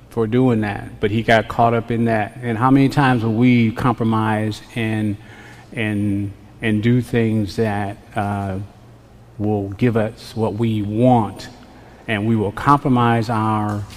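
Man preaching in an echoing hall. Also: medium pitch. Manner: dynamic, swings from quiet to loud, repetitive refrains. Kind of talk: sermon. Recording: long reverb of a large hall.

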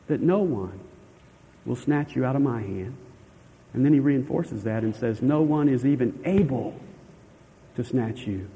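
A man's voice: high voice, mellow, big-room sound, rough recording. A man preaching a sermon as pastor, earnest and emphatic, stretching key words and asking the listeners questions. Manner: asks the listeners rhetorical questions.

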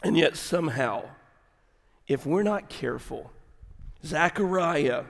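A middle-aged man preaching a sermon, folksy and animated, dropping at times to a quiet, intimate tone. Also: a little high, takes it slowly, creaky. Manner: folksy, animated storytelling with sudden drops to quiet, intimate delivery. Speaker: pastor. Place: large church sanctuary. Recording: long hall reverb.

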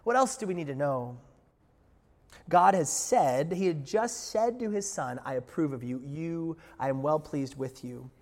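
Animated preacher in a reverberant hall. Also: male voice, on the high side, a little slow. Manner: animated, rising loud for quotes and emphasis; asides to the congregation, joking. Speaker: pastor. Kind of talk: sermon.

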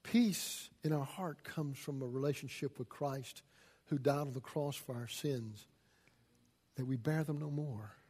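A man preaching a sermon as a pastor, folksy and swinging from loud emphasis to hushed asides. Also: mid-range voice, measured pace, breathy edge.

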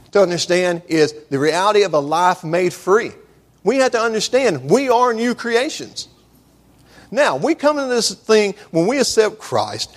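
A man preaching a sermon in a conversational, storytelling way, often restarting his sentences. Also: a little high.

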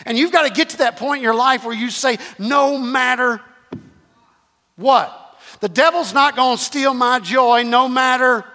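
A man's voice: very high-pitched, a little fast, hardly any pauses, sharp tone, long reverb tail. A man preaching a sermon, repeating phrases emphatically and calling the congregation to respond. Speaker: pastor.

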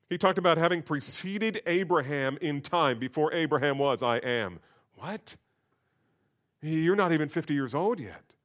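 A man preaching a sermon, moving between quiet, low asides and loud, emphatic bursts, and acting out quoted voices in a conversational way. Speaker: pastor.

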